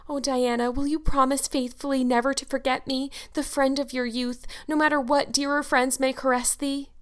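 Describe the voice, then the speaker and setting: A woman's voice: high voice, flat delivery, moderate pace, voice pushed up, close to an everyday voice. A woman voicing a dramatic, romantic young orphan girl who speaks in a gushing, theatrical, tearful way in an audiobook. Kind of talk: audiobook character voice.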